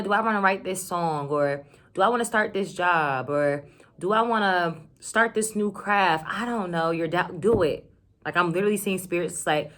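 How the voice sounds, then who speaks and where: A woman reads tarot for her viewers in a chatty, excitable, slang-heavy way. Her voice sits low for a woman, and she keeps up an easy, casual patter. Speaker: tarot reader. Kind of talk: casual tarot reading to camera.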